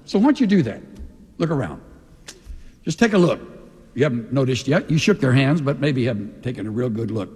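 A male pastor preaching a sermon in an animated way, often acting out the voices of the people he quotes. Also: medium pitch, brisk, long pauses, breathy edge. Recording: long reverb of a large hall.

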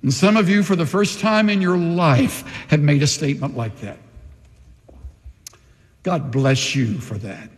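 A man preaching a sermon as pastor, emphatic, with slow dramatic pauses between phrases. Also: on the high side. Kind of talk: sermon with altar call. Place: large church sanctuary. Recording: long reverb in a large hall.

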